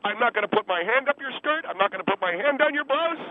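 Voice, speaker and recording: Indignant self-pitying divorced man, put on by a radio host, defensive and preachy, high voice, phone-line sound, faint hiss. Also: expressive, quick pace.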